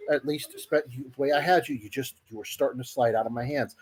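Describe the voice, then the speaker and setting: A woman chatting casually before a tabletop game, telling a story in a rapid, rambling way. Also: extremely low pitch. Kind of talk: casual pre-game chat. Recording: loud background noise.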